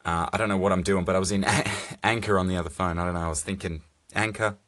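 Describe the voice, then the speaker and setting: Deep-voiced man rambling, profane and jokey. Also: fairly even intonation, fast talker, a bit bright. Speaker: podcast host. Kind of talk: casual solo podcast chat. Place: recording alone on a phone. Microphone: phone.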